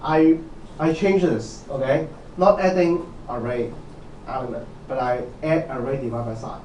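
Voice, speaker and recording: A university lecturer teaches programming in a lecture hall, repeating himself, quizzing his students and checking in with frequent "okay?"s. His voice is medium-pitched, somewhat slow and darkish. The mic sits at a distance in the echoey hall, with slight background noise.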